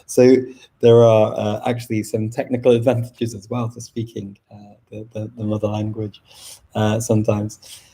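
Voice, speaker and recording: A middle-aged man from Liverpool with a softened northern English accent, talking casually and thoughtfully to viewers in a live stream, with frequent restarts. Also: lowish voice, flat delivery, moderate pace, husky, poor audio. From Liverpool, England. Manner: thoughtful, many restarts and fillers. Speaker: language channel host.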